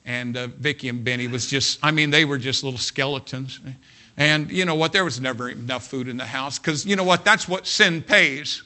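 A man preaching a sermon built around a personal story, folksy, full of "you know what", swinging between hushed and loud. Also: on the high side.

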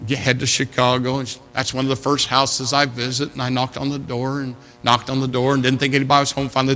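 Bright-voiced preacher man telling a story. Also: medium pitch. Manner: dramatic storytelling, swings between loud appeals and hushed retelling. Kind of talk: sermon.

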